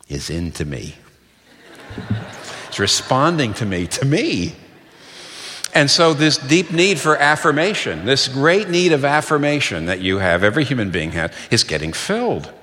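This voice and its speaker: Long hall reverb surrounds this medium-pitched, pushed and bright male voice. He's a middle-aged preacher giving an earnest, emphatic sermon, citing sources and hammering key phrases through repetition.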